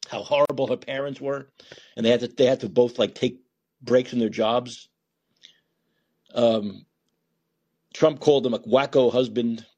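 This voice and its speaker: A man hosting a podcast, talking alone in sarcastic, animated political commentary, swearing and thinking out loud. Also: mid-range voice, slightly rough. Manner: animated and sarcastic, mocking voices of opponents. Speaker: podcast host.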